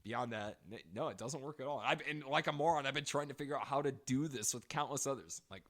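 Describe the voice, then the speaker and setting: A man's voice: medium pitch, fast. A man co-hosting a podcast in casual chat, telling stories with lots of swearing and frequent laughter. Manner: animated storytelling, swearing, laughing often. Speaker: podcast co-host.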